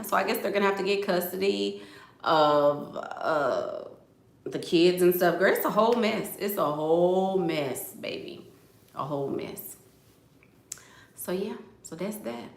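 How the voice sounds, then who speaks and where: A woman's voice: medium pitch, slow, vocal fry, long pauses, roomy sound. A woman vlogger telling gossip to her viewers in a casual, chatty way, often calling them "girl".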